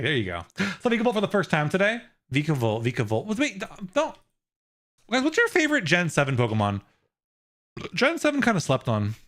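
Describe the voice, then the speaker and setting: Animated, lively-voiced male streamer. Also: fairly high pitch. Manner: animated and rambling, laughs often, many restarts. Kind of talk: casual live-stream chat with viewers.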